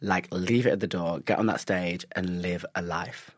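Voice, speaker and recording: Chatty young man, deep voice. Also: no room sound, studio quality. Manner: chatty and animated, quick storytelling with slang. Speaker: guest, stage actor. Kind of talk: casual chat.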